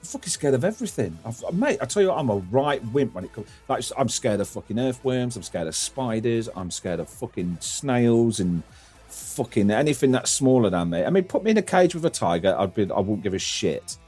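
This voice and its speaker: A man's voice: medium pitch, very animated, a little fast, a little mellow, breathy edge, faint music behind. A man hosting a casual podcast, rambling through stories, swearing freely and laughing often. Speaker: podcast host.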